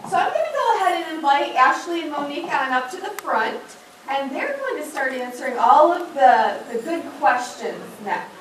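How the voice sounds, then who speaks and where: Bubbly high-voiced woman host. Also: sing-song, brisk, background noise. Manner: bubbly, laughing. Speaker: event host. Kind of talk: hosting a panel. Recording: echoey room from far off.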